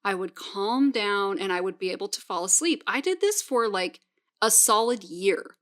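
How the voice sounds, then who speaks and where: A woman's voice: medium pitch, animated, moderate pace, fairly bright tone. A woman in her thirties hosting a podcast, telling a personal story in a casual, chatty way with many fillers and wry asides. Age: 30s. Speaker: podcast host.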